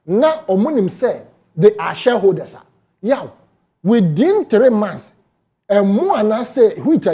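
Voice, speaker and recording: A man's voice: high voice, slightly rough. A man with a Ghanaian accent, arguing as a panelist in a heated political debate and mixing Twi into his English. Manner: emphatic, animated, mixes Twi into English.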